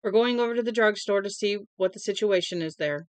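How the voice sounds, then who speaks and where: A woman reading the plain, steady lines of a practical man leading a group. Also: medium pitch, fairly quick, clear, resonant tone, no room sound, natural voice.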